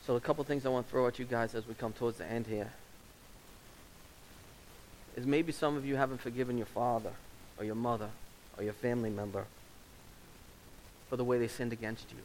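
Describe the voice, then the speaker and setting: A male pastor delivers an earnest, emotional sermon in a church, pleading with his listeners in a voice of ordinary middle pitch. A faint hiss runs under the recording. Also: steady tone, a little fast, long pauses, a little mellow, poor audio. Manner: earnest, pleading altar call.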